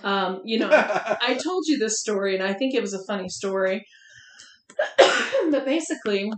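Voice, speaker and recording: A woman's voice: mid-range voice, normal speed. Frank, laughing woman storyteller. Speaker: podcast host. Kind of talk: casual chat. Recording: roomy echoey room.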